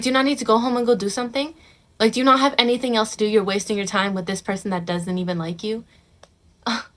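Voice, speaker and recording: A woman's voice: medium pitch, a bit bright. A young woman vlogging blunt, sassy advice to camera, calling the viewer honey and bro and swearing freely. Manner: mocks others in quoted put-on voices. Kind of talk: casual advice talk to camera.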